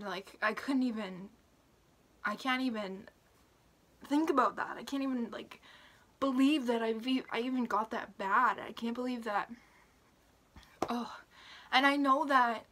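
Young woman vlogging a personal update, kinda high voice, emotional and halting, lots of likes and ums, drops to a whisper sometimes. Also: fairly bright tone. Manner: emotional, halting, many fillers and restarts. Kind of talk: personal recovery update vlog.

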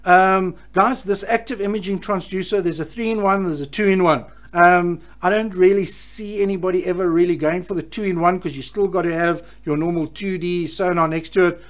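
A man's voice: high-pitched, fairly even intonation, normal speed, hardly any pauses. A man hosting a live stream, chatting enthusiastically and reading out viewer comments, often restarting his sentences. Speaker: host of a live fishing electronics show.

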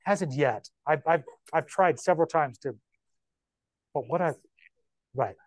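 A man's voice: fairly high pitch, dry recording. Chatty man leading an agent training. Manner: chatty, animated, with quick repeats and asides. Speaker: real estate broker leading agent training. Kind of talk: informal training talk to a room of agents.

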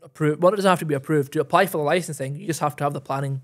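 A man's voice: a little high, rapid-fire. A man, a guest in an interview, explaining at length with many fillers. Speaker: guest, property investor. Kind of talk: casual interview chat.

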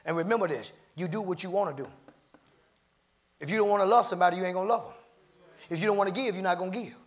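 A man preaching a sermon as pastor, rising into shouted, half-sung cadences and calling out to people in the congregation. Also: high-pitched, fast talker. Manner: calls out to congregation members by name.

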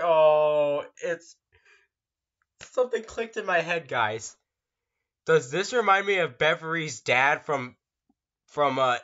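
A gamer giving excitable, casual commentary while playing, talking to viewers and breaking into sudden screams. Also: mid-range voice, dull audio. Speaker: let's play gamer.

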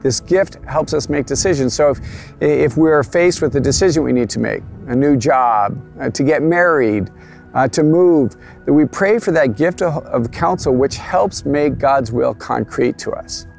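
Guy with a gravelly voice teaching about faith, earnest, soft music behind. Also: mid-range voice, lively intonation, measured pace. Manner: earnest, explanatory, some restarts. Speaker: catechetical presenter. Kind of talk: teaching talk to camera.

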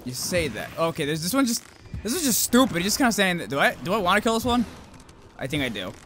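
A young man commentating a video game with loud outbursts, heavy swearing and self-mocking asides. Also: high-pitched, big pitch swings, fast, slight background noise. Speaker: gameplay commentator. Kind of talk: swearing, excitable let's-play commentary.

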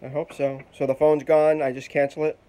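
A man's voice: a little high, little pitch movement, fairly quick, mellow. A man talking on the phone to his goddaughter, blunt and pushy with her yet tender, calling her sweetie. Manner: blunt, scolding then tender. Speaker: godfather on the phone. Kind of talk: phone call.

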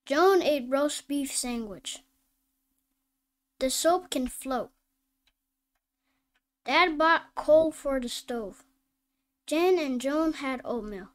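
A woman with a high voice reads phonics word lists aloud. She takes each word very slowly and distinctly, as a reading teacher would. Now and then she stops to correct herself. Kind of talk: slow word-list reading lesson.

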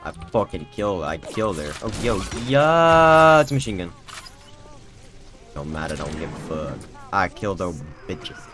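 A young man streaming a video game, profane, excitable and jokey as he plays. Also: deep voice, moderate pace. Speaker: gaming streamer. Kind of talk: live gameplay commentary. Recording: home mic with game music behind.

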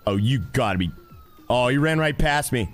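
A man giving live gameplay commentary as a streamer, excitable and constantly talking to his chat. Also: mid-range voice, normal speed, soft background music. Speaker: game streamer.

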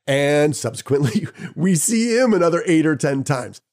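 A podcast host telling a personal anecdote in a lively, casual way, chuckling now and then. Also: male voice, a little high, moderate pace. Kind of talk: personal storytelling.

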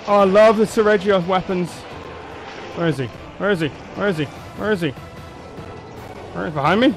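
A man commentating his own gameplay, excitable and quick to shout and laugh at the game. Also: sits high, gravelly, faint music behind. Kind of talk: let's play commentary.

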